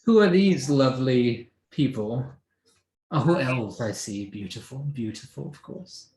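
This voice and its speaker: A man's voice: medium pitch, expressive, measured pace, darkish tone, roomy sound. A man voicing a rich, tipsy noblewoman mother who gushes and talks down to people in an airy, sing-song voice. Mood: gushing.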